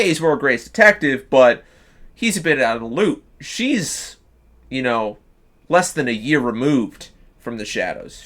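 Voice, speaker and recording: A man streaming live, pitching a story in loose casual chat, swearing freely and restarting sentences. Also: bright, forceful tone. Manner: profane, loose, full of fillers and restarts.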